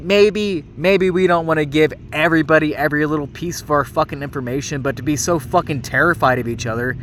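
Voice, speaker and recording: A man's voice: fairly high pitch, a bit bright, slight background noise. Angry, swearing man in his late thirties. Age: late 30s. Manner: angry, heavily profane, stumbling restarts. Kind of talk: ranting monologue.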